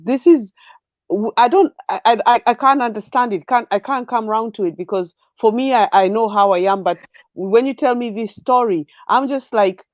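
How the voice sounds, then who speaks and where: A woman's voice: mid-range voice, darkish tone. A woman hosts a conversational interview and stumbles over her words as she reacts. She asks searching follow-up questions. Her voice is recorded dry and close, with no room echo. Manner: stammering, stunned reactions. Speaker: interview host.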